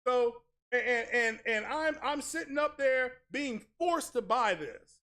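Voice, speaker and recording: A man's voice: very high voice, animated, slow, sharp tone. A man hosting a tech channel, ranting casually with sarcastic, mock-outraged exaggeration and crude, blunt language. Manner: crude, blunt street talk. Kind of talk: casual streamed rant.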